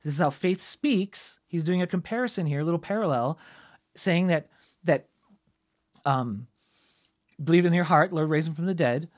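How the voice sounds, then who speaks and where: A man teaching through a Bible passage in a relaxed, conversational way, thinking aloud and checking in with frequent asides. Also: a little high, moderate pace, long pauses. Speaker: preacher teaching scripture.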